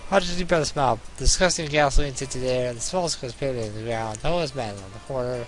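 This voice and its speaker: Young male let's player, animated reader, quips between lines, soft game music behind. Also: medium pitch, fast talker, hardly any pauses. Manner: animated, jumping between narration and jokes. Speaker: let's play host. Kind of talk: reading a visual novel aloud with commentary.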